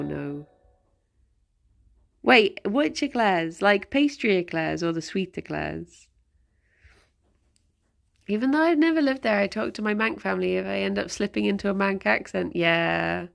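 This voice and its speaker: A woman's voice: medium pitch, vocal fry. Chatty, giggly young streamer woman. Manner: chatty, giggly, talks to her pet rabbits. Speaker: livestreamer. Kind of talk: casual livestream chat. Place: at home, indoors.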